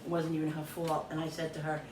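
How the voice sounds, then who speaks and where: A middle-aged woman chats while cooking in her kitchen, retelling a frustrating story in an animated, exasperated way and acting out the other people in it. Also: low voice, fast talker. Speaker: cooking vlogger. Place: home kitchen. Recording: echoey room, distant mic, background hum.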